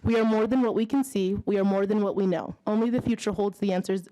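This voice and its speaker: A woman's voice: medium pitch, fairly even intonation, quick pace, dark tone, low-quality recording. Young woman, from Haiti, nervous testifier reading a prepared statement at a hearing, slips and small nervous laughs. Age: young adult. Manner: nervous, laughs between phrases. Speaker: youth advocate testifying. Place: legislative committee hearing room.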